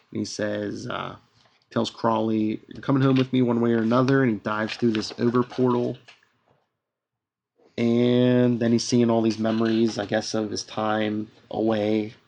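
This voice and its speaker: Podcast co-host, man, gravelly voice, loose chatty retelling full of fillers. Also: mid-range voice, darkish tone. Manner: retells scenes with filler "uh"s and quoted dialogue. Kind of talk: casual comic book recap.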